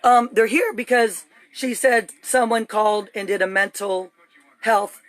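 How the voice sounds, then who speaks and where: A woman's voice: mid-range voice, measured pace, no room sound. A woman streaming live on her phone from inside her home, talking in an urgent, agitated, rambling way. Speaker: livestreamer. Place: home, indoors.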